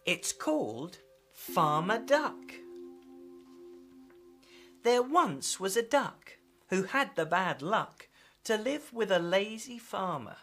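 A woman reading a picture book aloud to children with an expressive, animated delivery. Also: medium pitch, takes it slowly, long pauses, soft background music. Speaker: storyteller.

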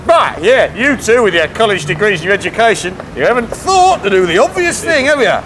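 A man's voice: sits high, big pitch swings, fairly quick, a bit bright, a little hiss or hum. A man playing a gleeful, mocking pub regular in a sitcom. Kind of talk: sitcom acting.

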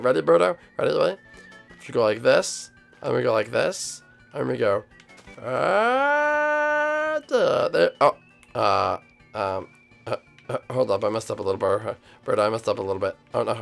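A man's voice: mid-range voice, vocal fry. A young man hosting a game role-play video, chatting casually and rambling with lots of fillers. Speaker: host.

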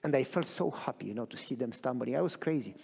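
Man, English, sermon, animated rhetorical questions, mid-pitched voice, hall reverb. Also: fast talker, creaky, slightly rough. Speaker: pastor. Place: church sanctuary.

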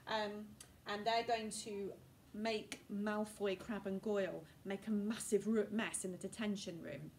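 A woman's voice: medium pitch, fairly even intonation, measured pace, a little mellow. A woman, a primary school teacher thinking aloud as she models her writing in a chatty recorded lesson. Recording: distant mic, faint room noise.

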